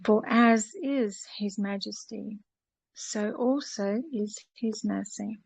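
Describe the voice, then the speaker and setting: A woman reading scripture aloud and chatting gently in an online fellowship. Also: mid-range voice, fairly even intonation, slow pace, creaky, slightly rough, no room sound, low-quality recording. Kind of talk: slow devotional reading, then casual chat.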